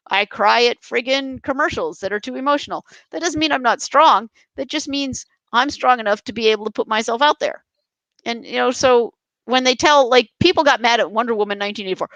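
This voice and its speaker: A woman's voice: high voice, expressive, fairly quick, fairly bright tone, no room sound, rough recording. A young adult woman speaking passionately and emphatically as a podcast guest, with frequent restarts. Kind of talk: casual interview chat.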